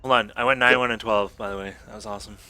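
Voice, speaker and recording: Bright-voiced man chiming in. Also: on the low side, fairly even intonation, very fast, no echo. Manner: chiming in with short quips and laughs. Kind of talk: casual chat on a gaming stream.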